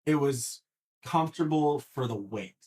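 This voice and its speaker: A man speaking a little slowly in a mid-range voice recounts a story with plenty of animation on an informal podcast. Profanity comes easily to him, and he repeatedly restarts what he's saying.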